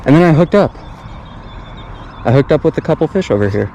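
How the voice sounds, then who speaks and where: A man's voice: fairly high pitch, expressive, fairly quick, dark tone, highs cut off, a little hiss or hum. A young man filming a fishing vlog outdoors at a pond on an action camera, talking in a laid-back, chatty way and often repeating himself. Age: young adult. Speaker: fishing vlogger. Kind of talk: casual vlog commentary.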